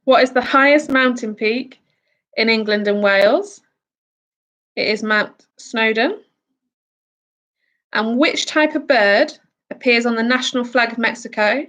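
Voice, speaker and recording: A woman's voice: a little high, a little slow, long pauses, fairly bright tone. A woman from the UK hosting a casual quiz, reading out each question and answer with chatty asides. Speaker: quiz host.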